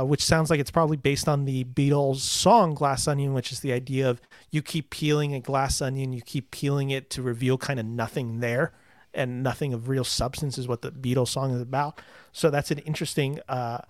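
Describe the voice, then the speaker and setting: A man's voice: mid-range voice, steady tone, brisk, dry recording. A young man in casual conversation as a podcast host, enthusiastic and rambling with fillers. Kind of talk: casual chat about movies.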